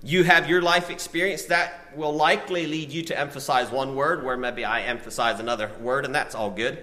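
Bright-voiced man preaching a story sermon. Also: mid-range voice. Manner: expressive, swings between loud emphasis and soft asides; reads lists of words slowly, one at a time.

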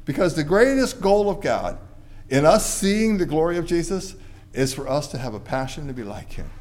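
A man preaching a sermon to a church congregation, rising to loud emphatic peaks and dropping to quiet, low endings.

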